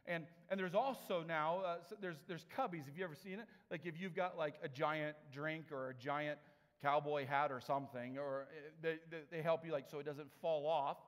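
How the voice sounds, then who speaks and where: A man's voice: a little high, normal speed. A man preaching a sermon in a chatty storytelling way, acting out the people in his stories. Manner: conversational storytelling with animated quoted voices. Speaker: pastor. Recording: long reverb of a large hall.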